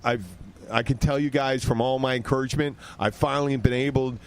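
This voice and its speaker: A man's voice: medium pitch, fairly even intonation, a little fast. A man hosting a casual bar podcast, rambling through stories with lots of restarts, still getting over a cold. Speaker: podcast host. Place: outdoor bar.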